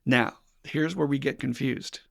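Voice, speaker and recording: A man's voice: medium pitch, measured pace, creaky, fairly bright tone, no room sound, studio quality. An older man hosting a recovery podcast, speaking bluntly and plainly, swearing casually and acting out the voices of people he quotes. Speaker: podcast host.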